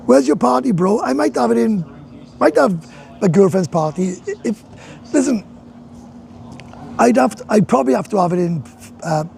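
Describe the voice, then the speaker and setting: A man's voice: high-pitched, animated, normal speed, gravelly, long pauses, darkish tone. A Welsh man chatting on a casual live stream from a bar, rambling and swearing, laughing often. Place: bar in a hot tourist town.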